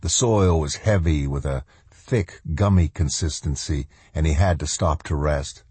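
A man narrates a novel in a measured, deliberate way. His voice is very low, dark and husky. The sound is dry and close, with no room in it. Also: dry recording. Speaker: audiobook narrator. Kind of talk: scripted narration.

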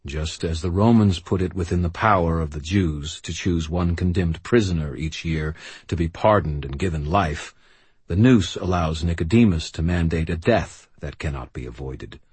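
A man doing a quiet, devout knight. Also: low-pitched, breathy edge, no echo. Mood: explaining gently. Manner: quiet, measured, soft-spoken. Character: calm, devout male knight, steady friend.

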